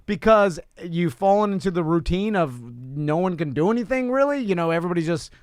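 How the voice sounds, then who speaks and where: A male co-host with a clear, smooth voice walks through the details in a halting way. His pitch sits a little high. The studio sound is dry and close. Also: animated, no echo. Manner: explanatory, halting with frequent pauses. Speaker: podcast co-host. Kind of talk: casual studio chat.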